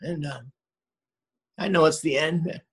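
Man, 40s, recovery meeting speaker, personal storytelling, conversational, frequent restarts, fairly high-pitched. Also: steady tone, slow pace, breathy edge, low-quality recording. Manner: rambling, conversational, frequent restarts and "you know".

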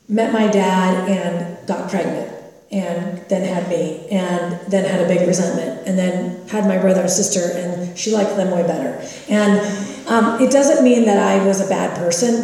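A woman in her fifties from California shares her story with a recovery meeting, candid and self-mocking. Her voice is mellow and warm. It echoes around a big hall, picked up from far off. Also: on the low side. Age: 50s.

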